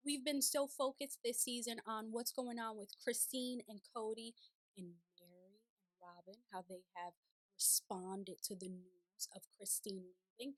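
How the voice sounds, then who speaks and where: A woman hosting a casual recap of a TV show, chatty and animated, slipping into playful voices when she paraphrases. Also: on the high side, no room sound. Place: city home, sirens outside.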